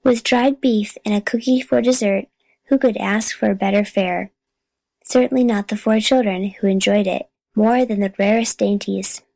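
Calm woman reading a children's book. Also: medium pitch, moderate pace, gravelly, no echo, rough recording. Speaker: audiobook reader. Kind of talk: storybook narration.

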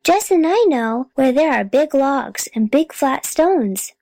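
A woman voicing a gentle young girl in a storybook reading, bright and cheerful. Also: high-pitched, lively intonation, slow pace, dry recording, clean studio sound, pitched above the performer's own voice, heavily acted. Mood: eager. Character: eager young girl, gentle little sister.

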